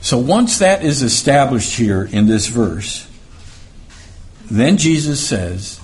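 Male preacher, unhurried sermon delivery, mid-range voice, repeats phrases for weight, faint ambient hiss. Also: medium pitch, big pitch swings. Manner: deliberate, repeats key phrases for emphasis. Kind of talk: sermon with scripture reading.

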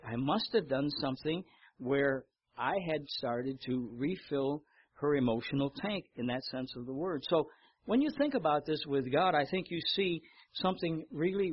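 An older man preaching a sermon, telling stories with lively repetition and reading scripture aloud. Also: a little high, breathy edge, lo-fi sound. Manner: storytelling, animated in anecdotes, repeats words. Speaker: pastor.

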